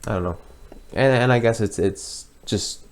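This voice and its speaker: A young man talking casually as he reacts to his own old video, hesitant and rambling, with lots of pauses and restarts. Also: fairly low pitch, a little hiss or hum. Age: young adult.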